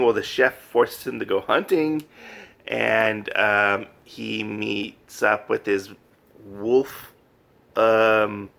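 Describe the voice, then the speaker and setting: A man casually recapping a manga, animated and full of fillers, laughing often. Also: mid-range voice, gravelly. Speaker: manga reviewer. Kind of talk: casual review chat.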